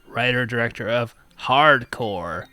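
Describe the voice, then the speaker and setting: A man's voice: medium pitch, expressive, takes it slowly, sharp tone. A man hosting a call-in talk stream, telling a rambling story in casual chat with frequent laughs. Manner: rambling, laughs often, mock phone-menu voice. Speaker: call-in show host.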